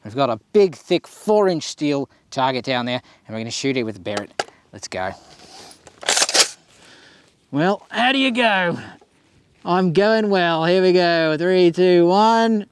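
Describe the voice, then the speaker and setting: An Australian man hosting a casual shooting vlog outdoors at a range, excitable and swearing constantly as he hypes himself up. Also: high-pitched, a little slow, pauses often, clean tone, no echo. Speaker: host.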